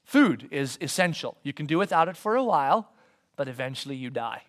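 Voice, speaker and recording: A man giving a conversational sermon as a pastor, swinging from loud emphasis to soft whispers and asking his listeners questions. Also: fairly high pitch, big pitch swings, brisk. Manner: conversational, asks the congregation questions.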